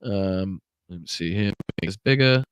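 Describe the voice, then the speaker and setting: A man's voice: low-pitched, normal speed, clean tone, no room sound. A man hosting a political livestream, talking casually in a profane, exasperated, rambling way.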